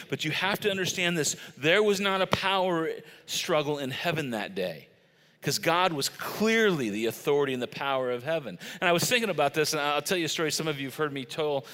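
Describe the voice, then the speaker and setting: A middle-aged pastor preaches a sermon, telling stories in a conversational way with emphatic stresses. His voice is a little high with a sharp tone, and the long reverb of a large church hall surrounds it.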